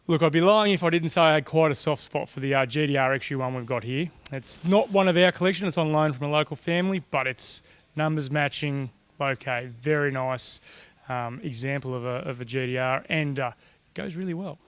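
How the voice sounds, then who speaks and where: A man guiding visitors around a collection, answering questions in a relaxed, measured way with many filler words. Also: on the high side, clean tone. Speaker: collection guide. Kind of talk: casual interview answers.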